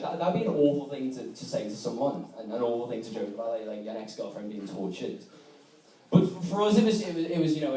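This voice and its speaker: A young man tells a comic story to a debating crowd, animated and laughing through it. His voice sits a little high for a man. He is heard from a distance in a strongly echoing room. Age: young adult. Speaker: debate society speaker. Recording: echoey room, from far off.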